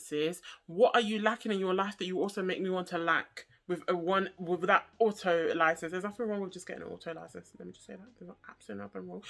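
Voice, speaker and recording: A woman in her twenties telling a casual, jokey storytime to camera, chatty and animated, with slang and asides. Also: on the low side. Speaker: vlogger.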